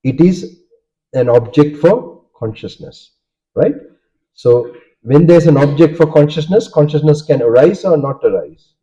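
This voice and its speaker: This warm, somewhat high male voice belongs to a Sri Lankan monk, a native Sinhala speaker, delivering a Dharma talk. He speaks animatedly but a little slowly, asking listeners questions and often pausing to say "okay?". The audio is muffled and lo-fi.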